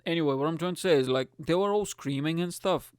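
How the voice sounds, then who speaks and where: A man's voice: fairly high pitch, quick pace, clear, resonant tone, no echo, studio quality. A young man hosting a podcast, ranting in a rambling comic monologue, swearing and laughing at his own jokes. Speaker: podcast host.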